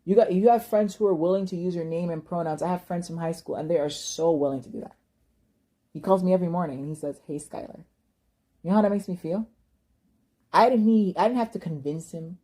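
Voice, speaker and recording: A young woman pours out an impassioned vlog monologue in a low, husky voice. Her tone is mellow and dark, and she curses and stumbles over repeated words as she rants. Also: quick pace. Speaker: vlogger. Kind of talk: emotional personal monologue.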